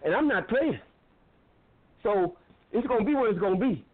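Male guest on a call-in show, fervent storyteller, fairly high voice, tinny phone audio. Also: animated, normal speed. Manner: preacherly, storytelling, repeats phrases for emphasis. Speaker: guest, filmmaker. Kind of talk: impassioned talk-show monologue.

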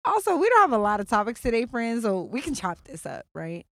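A young woman co-hosting a podcast, telling stories in a blunt, profane and animated casual chat. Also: fairly high pitch, a little fast, no echo, studio quality. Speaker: podcast co-host.

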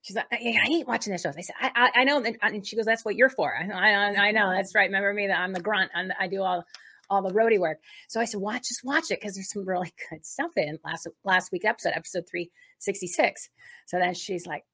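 A woman co-hosting a faith talk show, opening the episode in a rambling, excitable way with many restarts. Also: mid-range voice, quick pace, slightly rough. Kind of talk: casual spoken introduction.

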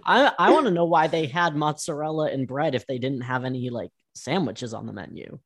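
A man co-hosting a casual podcast, tossing in wry, quick remarks. His voice sits somewhat high for a man. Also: expressive. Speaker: podcast co-host. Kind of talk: casual chat.

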